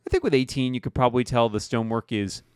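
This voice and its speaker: Easygoing male game master, mid-pitched, dry close mic. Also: fast talker, clean tone, no echo. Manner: relaxed, chatty, laughs often. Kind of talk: narrating a tabletop game.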